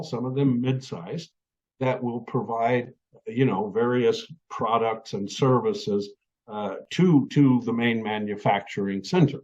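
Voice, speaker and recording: Middle-aged man, mid-pitched, webinar speaker, halting delivery full of fillers, dull video-call audio. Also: darkish tone. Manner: halting, many fillers and restarts. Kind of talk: webinar talk to students.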